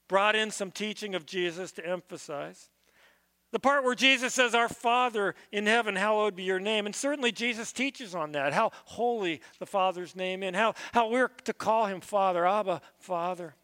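A man's voice: high-pitched, sharp tone. A man preaching a sermon, reading scripture aloud and then teaching on it in an earnest way, often repeating a word as he restarts. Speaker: pastor. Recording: long reverb of a big room.

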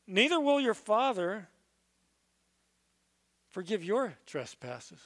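A man's voice: high-pitched, big pitch swings, takes it slowly, a bit bright. A man preaching a sermon, reading scripture aloud and then teaching on it in an earnest way, often repeating a word as he restarts. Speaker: pastor. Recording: long reverb of a big room.

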